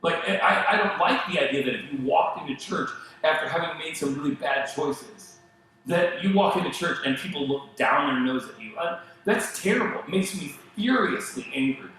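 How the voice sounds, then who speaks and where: A middle-aged man gives a sermon in a loose, conversational way, breaking into asides and playful quoted voices. His voice sits a little high for a man. It rings through a very echoey church hall with a faint hum of noise underneath. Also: expressive, moderate pace, bright, forceful tone. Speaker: pastor. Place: church auditorium.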